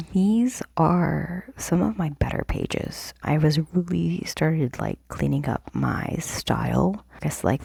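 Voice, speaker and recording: A woman whispers close to a desk mic in a low, husky morning voice with heavy gravel in it. She talks casually and haltingly, filling gaps with "like" and "um". The sound is dry, with no room around her. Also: a little mellow, dry recording. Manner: whispering, halting with many fillers. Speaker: planner vlogger. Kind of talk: whispered casual vlog walkthrough. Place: at a cluttered home desk.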